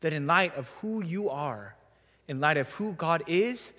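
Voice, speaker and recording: A man's voice: fairly high pitch, lively intonation, a little slow, pushed and bright. Young man preaching in a reverberant church. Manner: conversational storytelling with self-deprecating humor. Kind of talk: sermon. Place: church sanctuary.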